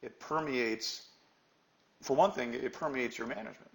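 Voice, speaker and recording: A man's voice: medium pitch, animated, normal speed, creaky, fairly bright tone, roomy sound, low-quality recording. A man teaching a live trading class, emphatic and quizzing his students with questions. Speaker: trading instructor.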